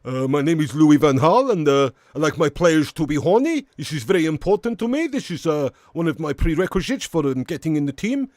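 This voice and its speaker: A man's voice: fairly high pitch, big pitch swings, darkish tone, dry recording, studio quality. Man doing a stern manager. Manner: halting, searching for words. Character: blunt Dutch football manager, stern.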